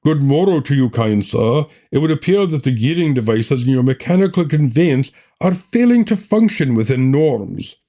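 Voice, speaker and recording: A man voicing a male mechanic who speaks in a slow, stilted and overly formal way. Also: mid-range voice, animated, dark tone, natural voice. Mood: pompous. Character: stiffly formal, pompous-sounding male mechanic.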